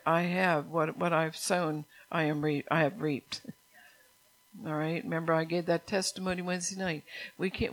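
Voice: medium pitch, fairly bright tone, low-quality recording. A pastor in full sermon, pressing each point hard and repeating key lines to drive them home. The voice sits in a middle register and keeps turning to the congregation with questions and calls for an amen.

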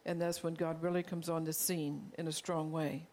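With little pitch movement, a pastor preaches at normal speed in a middle-range voice that is gravelly and creaky yet a little mellow. The sermon is heartfelt and earnest, full of confession and frequent calls to the congregation.

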